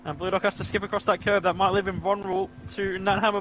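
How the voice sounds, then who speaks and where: A man's voice: sits high, flat delivery, fast, a bit bright, muffled recording, a little hiss or hum. A man hosting a live sim racing stream, commentating the race with joking banter that picks up when the action heats up.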